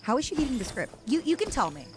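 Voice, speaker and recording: Brief: young female streamer, bouncy and animated, rambling playful chatter to chat. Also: high voice, fast talker, music in the background. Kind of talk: casual live-stream gaming chatter.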